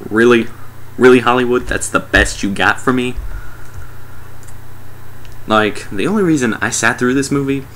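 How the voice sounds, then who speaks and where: A man's voice: medium pitch, lively intonation, unhurried, pauses often, bright, forceful tone, a little hiss or hum, low-quality recording. A man giving a casual, comedic movie recap in a sarcastic, mock-exasperated way. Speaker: movie reviewer.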